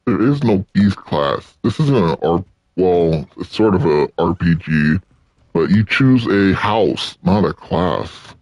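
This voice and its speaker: A man's voice: low voice, lively intonation, slow, a little mellow, no echo. A man giving joking, casual commentary while playing a video game. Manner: joking, laughs at himself. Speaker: let's play gamer.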